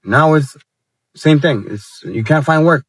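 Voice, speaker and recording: A man's voice: fairly high pitch, a little slow, slightly rough, dry recording. Heated, swearing man in his late twenties. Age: 20s. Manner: heated, profane, slangy talk. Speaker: vlogger. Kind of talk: casual rant to camera.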